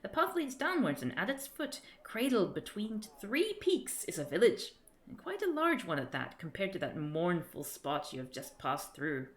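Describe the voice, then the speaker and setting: A woman's voice: medium pitch, huge pitch swings, normal speed. A woman streamer reading a gamebook aloud with theatrical flair, often tripping over words and starting sentences again. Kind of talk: dramatic gamebook narration on a live stream.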